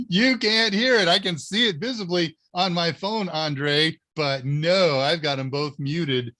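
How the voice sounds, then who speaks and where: Male livestream host, casual and chatty, slightly higher voice. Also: slow. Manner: relaxed, chatty, answers viewer questions. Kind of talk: casual live Q&A.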